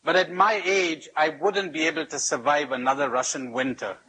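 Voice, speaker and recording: A man's voice: a little high, steady tone, normal speed, pushed and bright, a little hiss or hum, low-quality recording. A man putting on the voice of an old farmer who excuses himself politely to officials. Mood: wily. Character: shrewd old male farmer, polite and wily.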